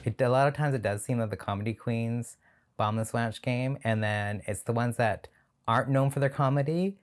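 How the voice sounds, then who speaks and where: A man's voice: medium pitch, moderate pace, soft background music. A man hosting a reaction video, talking casually and sardonically and laughing often.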